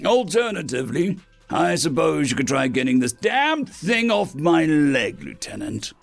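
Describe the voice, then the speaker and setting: A man's voice: fairly high pitch, huge pitch swings, measured pace, vocal fry, faint music behind, exaggerated voice. A man voicing a stubborn male army major who barks sarcastic orders. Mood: gruff. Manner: barking, sarcastic commands.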